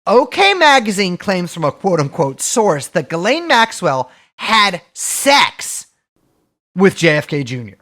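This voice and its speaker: A man's voice: high-pitched, sing-song, unhurried, bright, forceful tone. A man co-hosting a podcast, talking casually with a sardonic, swearing edge. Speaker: podcast co-host.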